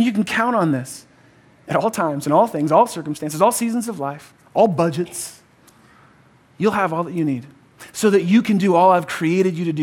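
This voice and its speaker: A man with a fairly high voice preaches to a congregation in a relaxed, conversational way. He leans hard on repeated phrases and pauses to have the people shout the words back to him. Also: husky. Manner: emphatic, repeats key phrases, calls for audience response; conversational, uses "like" and "kinda". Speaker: pastor. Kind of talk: sermon.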